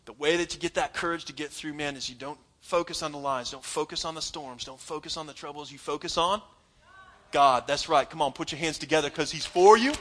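A man preaching a sermon with a high voice. He sounds bright and forceful, talking to the congregation in a casual, emphatic way. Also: brisk. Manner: emphatic, conversational, laughs while preaching. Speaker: pastor.

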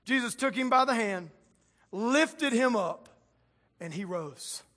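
A man preaching a sermon in an energetic, casual way, dropping slang asides as he goes. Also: very high voice, slow pace.

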